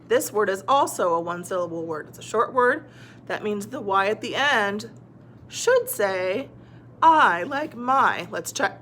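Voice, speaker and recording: A woman teaches children to read, stretching each sound out slowly and praising every right answer. Her voice is bright and forward. A faint hiss of noise sits behind her. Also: medium pitch. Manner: patient, encouraging, sounds words out slowly. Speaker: reading teacher. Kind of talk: slow phonics lesson for children.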